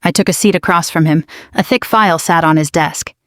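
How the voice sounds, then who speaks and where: A woman reading a dramatic family story aloud in a steady, scripted narration style. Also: lowish voice, fairly quick, no room sound, clean studio sound.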